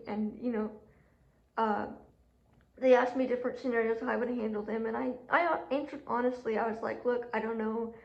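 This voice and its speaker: A woman talking casually to camera about her own experiences, chatty and animated, with lots of fillers and quoted self-talk, and a sore throat. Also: a little high, moderate pace, vocal fry. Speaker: job seeker telling her story. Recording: echoey room, dull lo-fi audio.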